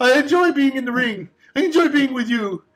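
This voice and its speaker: A man voicing a fussy, old, male talking stone bust that whines and pleads in a high theatrical voice. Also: very animated, moderate pace. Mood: panicked.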